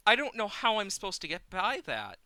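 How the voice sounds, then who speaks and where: A man's voice: high voice, huge pitch swings, fairly quick, bright, forceful tone, no room sound. A man streaming a game live, talking to himself with exasperated running commentary, swearing at the game and counting under his breath into a desk mic.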